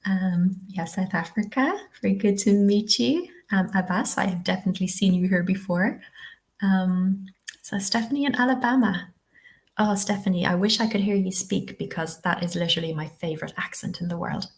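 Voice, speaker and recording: A woman's voice: medium pitch, moderate pace. A woman from the west of Ireland, presenting a live online teacher-training webinar in a chatty, encouraging way, often checking with "okay?".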